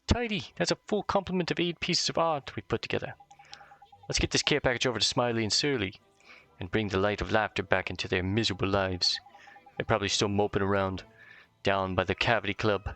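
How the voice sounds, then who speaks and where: A man's voice: fairly low pitch, fairly quick, sharp tone, faint music behind. A man voicing a cheerful male fairy sidekick with a Welsh accent, chirpy and full of slang.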